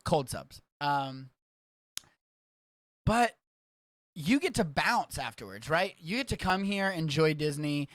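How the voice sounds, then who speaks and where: A man from Texas hosting a casual livestreamed podcast, rambling and excitable, swearing freely as he talks. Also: a little high, takes it slowly, pauses often, no echo, clean studio sound. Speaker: podcast host.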